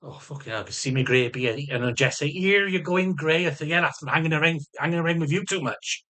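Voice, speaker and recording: A man's voice: fairly high pitch, quick pace, fairly bright tone. A middle-aged man ranting in a casual monologue, swearing heavily, restarting and repeating phrases as he goes, and sometimes mimicking other people's voices. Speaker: vlogger.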